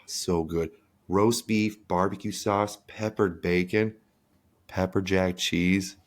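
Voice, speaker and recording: A man co-hosting a podcast, telling crude stories in casual chat with excited jumps in his voice. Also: slow. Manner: animated, crude storytelling with excited jumps in pitch. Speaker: podcast co-host.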